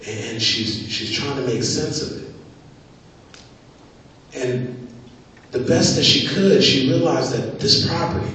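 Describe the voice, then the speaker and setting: A man's voice: medium pitch, fairly bright tone, a little hiss or hum. A man giving a live motivational speech on stage, telling a story emphatically and repeating phrases for effect. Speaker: motivational speaker. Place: stage in a large event hall. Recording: echoey hall from far off.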